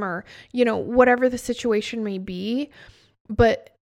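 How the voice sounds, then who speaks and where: A woman's voice: fairly high pitch, measured pace, darkish tone. A young adult woman co-hosting a casual podcast, telling stories and acting out what people said. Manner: storytelling, acts out quoted dialogue. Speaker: podcast co-host.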